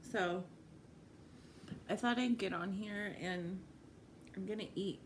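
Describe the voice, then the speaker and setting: A woman's voice: mid-range voice, fairly even intonation, slow pace, pauses often, a little hiss or hum. A young woman vlogging at home while she eats, rambling and self-deprecating, swearing and laughing often. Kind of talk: rambling casual chat while eating.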